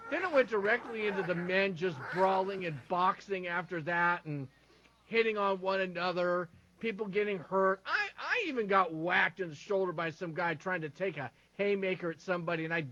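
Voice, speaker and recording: Animated high-voiced sports co-host. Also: male voice, normal speed, dry recording, lo-fi sound. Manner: animated storyteller, stumbling restarts. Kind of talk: sports talk show banter.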